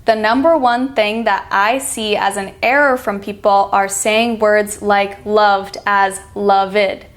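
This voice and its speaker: A woman with an American accent teaching an online pronunciation lesson, reading example words slowly and deliberately. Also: mid-range voice, steady tone.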